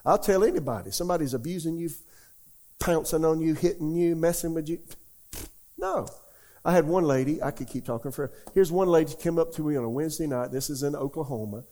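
A middle-aged man, a pastor answering questions in a conversational sermon. He talks in a folksy, animated way, tells stories and keeps asking the listeners rhetorical questions. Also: on the high side, quick pace.

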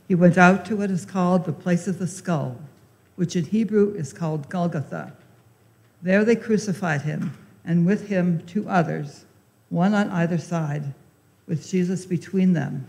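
High-voiced guy reading scripture, echoey church. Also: creaky, darkish tone. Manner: measured reading. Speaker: lector. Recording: reverberant church hall from afar.

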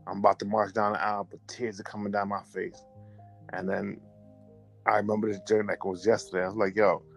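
A man with a fairly low voice tells a personal story in a casual, conversational way. He is animated and keeps repeating and restarting his phrases. Faint music plays in the background. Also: fast talker, creaky. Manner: animated, repetitive, restarts and self-corrections. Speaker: storyteller recounting a memory.

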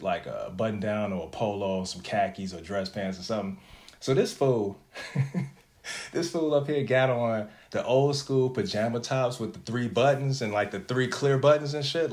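A man's voice: mid-range voice, a little mellow. A man telling a story in a casual chat, laid-back and slangy, with plenty of cursing.

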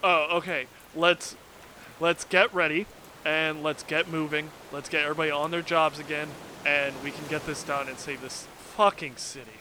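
Bright-voiced excitable man player. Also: fairly high pitch, normal speed, slight background noise. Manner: excitable, swearing. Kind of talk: casual tabletop banter.

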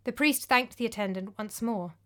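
Calm woman narrating a story. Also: on the high side, normal speed.

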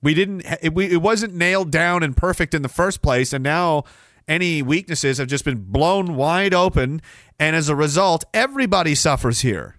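A male livestream host who riffs on chat with a sardonic, rambling delivery. His pitch moves around a lot. The recording is dry and close to the mic. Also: expressive, normal speed, fairly bright tone, no echo. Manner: sardonic, rambling, laughs often. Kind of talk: casual livestream commentary, reading chat.

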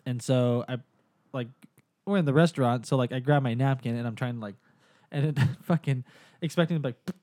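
A man telling a story in casual chat, profane and animated, acting out the people in it. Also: mid-range voice, brisk, no echo, clean studio sound.

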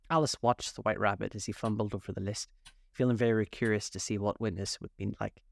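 A man narrating a children's classic aloud in a measured, expressive read-aloud style. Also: on the low side, vocal fry. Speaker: storyteller. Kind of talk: scripted narration.

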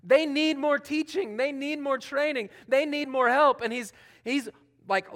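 High-voiced preacher, chatty and informal. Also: male voice, measured pace. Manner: informal, many fillers, swings between loud and hushed. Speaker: pastor. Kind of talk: conversational sermon.

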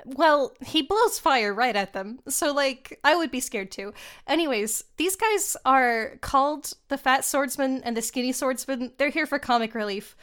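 A woman's voice: high-pitched, lively intonation, a little slow, a bit bright. A young woman co-hosting a podcast, chatting casually about a film, giggly and full of slang and fillers. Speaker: podcast co-host. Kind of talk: casual chat reviewing a film.

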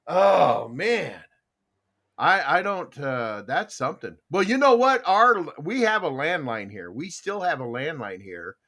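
A man's voice: on the high side, big pitch swings, a little slow, bright, forceful tone. A man hosting a casual call-in chat show who chats animatedly and reads listener comments aloud. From Pacific Northwest. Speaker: show host.

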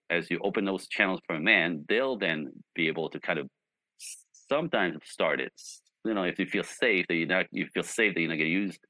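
A man's voice: low-pitched, no echo, poor audio. A man guest giving relationship advice in a conversational way, telling stories with lots of "you know" and "right?". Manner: animated storyteller.

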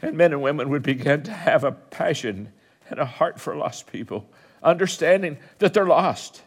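A man preaching a sermon, telling stories with quoted dialogue, rising to fervent exhortation and closing in soft prayer. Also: expressive, normal speed. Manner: impassioned, climbing high and loud when exhorting. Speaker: guest preacher.

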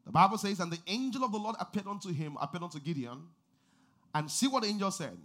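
A man preaching a sermon, reading scripture and building up to shouted, sing-song exhortations. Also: sits high, lively intonation, quick pace. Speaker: pastor.

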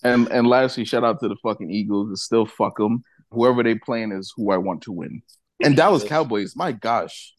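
A man's voice: lowish voice, moderate pace, dry recording. A man co-hosting a podcast, ranting in casual banter and swearing freely as he retells stories. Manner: animated, profane ranting with acted-out retellings. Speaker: podcast co-host.

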